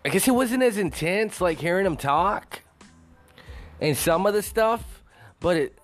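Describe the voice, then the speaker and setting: A man talks alone on his own show in a loose, rambling rant, swearing freely as he drifts off topic. His pitch jumps up and down a lot, and faint music plays behind him. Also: a little slow. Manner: rambling, profane, animated. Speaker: show host. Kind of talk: casual solo commentary.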